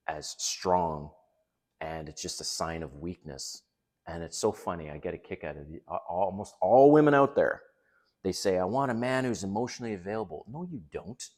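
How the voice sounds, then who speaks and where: A man's voice: extremely low pitch, normal speed, a little mellow. A middle-aged man talking straight to other men, giving blunt, emphatic dating advice in a casual monologue.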